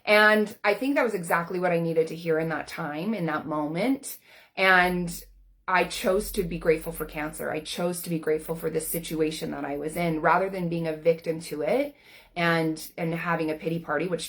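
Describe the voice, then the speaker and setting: A woman in her forties with a slightly low voice shares a personal story to camera. She coaches people for a living and speaks in an earnest, candid, conversational way, full of casual fillers. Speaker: life coach.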